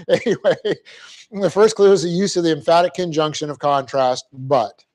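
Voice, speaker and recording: A man teaching a Bible class, dictating the verse and its punctuation slowly and adding joking asides. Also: fairly high pitch, darkish tone. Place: church classroom.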